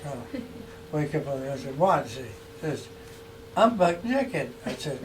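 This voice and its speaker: A man telling funny stories about an old friend in a relaxed chat, chuckling and acting out the quotes. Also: a little high, moderate pace. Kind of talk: casual anecdotal storytelling. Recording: distant mic with faint background noise.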